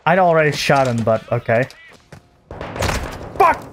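A man casually commentating while playing a shooter campaign, swearing, yelling and joking. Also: medium pitch, very animated, a little slow. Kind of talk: casual let's-play commentary. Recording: game gunfire noise behind the voice.

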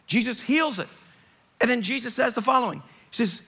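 A middle-aged male pastor giving a sermon, telling the story in a lively, joking way with dramatic retellings. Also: very high voice, a little fast, breathy edge. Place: church sanctuary.

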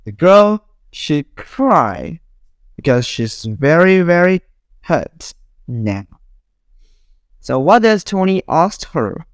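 A woman's voice: low-pitched, very animated, slow, pauses often, no echo, clean studio sound. A young woman teacher drilling English words for children, repeating each one and laughing between examples. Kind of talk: classroom drilling lesson.

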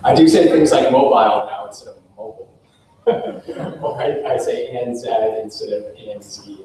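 A man's voice: mid-range voice, moderate pace, warm tone, a little hiss or hum. An American man giving an informal workshop talk, enthusiastic and effusive, with frequent fillers. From United States. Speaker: workshop speaker. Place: workshop room. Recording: echoey room, voice from far off.

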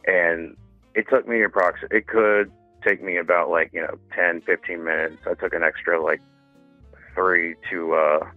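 Caller: low-pitched man, halting and rambling, dry phone-line sound. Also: fairly even intonation, dry recording, faint music behind. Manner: hesitant, rambling with many fillers. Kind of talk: phone-in storytelling.

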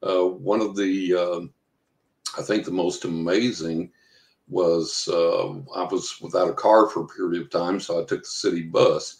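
A man's voice: deep voice, fairly even intonation, a little slow, a little mellow. An older man telling long anecdotes in an interview, full of fillers and acted-out quotes. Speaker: guest, psychic investigator. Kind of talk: storytelling in an interview. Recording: echoey room.

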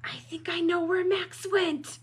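A woman's voice: lowish voice, big pitch swings, normal speed, pushed and bright, husky, full character voice. A woman voicing a worried young animal friend in a storybook, talking in an anxious, urgent way.

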